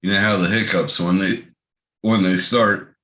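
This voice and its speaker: Man with hiccups, deep gruff teasing voice, echoey room on a call. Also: fairly even intonation, moderate pace, pushed and bright. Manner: gruff, teasing, swears often. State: has the hiccups. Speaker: regular guest on the stream. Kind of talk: casual chat on a voice call.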